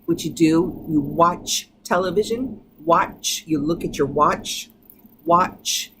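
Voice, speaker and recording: A woman teaching English pronunciation, modeling each sound slowly and patiently. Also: sits low, noisy background. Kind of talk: pronunciation lesson.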